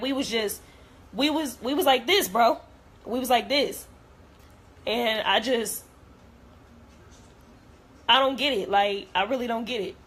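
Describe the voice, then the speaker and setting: A woman's voice: a little high, fairly bright tone. A young woman, talking straight to camera in an emotional rant, blunt and cursing heavily. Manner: blunt, heavy cursing, hurt and heated. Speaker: vlogger.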